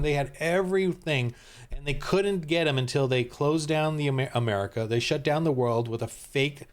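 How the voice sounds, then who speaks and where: A middle-aged man reacts to a clip in a heated, rambling rant and keeps breaking off and restarting. His voice sits slightly high for a man. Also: moderate pace. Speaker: Christian commentator. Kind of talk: ranting reaction commentary.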